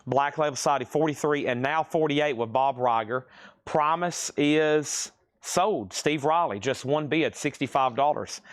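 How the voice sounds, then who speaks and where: A man's voice: a little high, unhurried, no room sound. A man hosting a live record sale, calling out titles and prices, addressing buyers by name and adding chatty, self-deprecating asides. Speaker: host selling records on a livestream. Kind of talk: live auction sales patter.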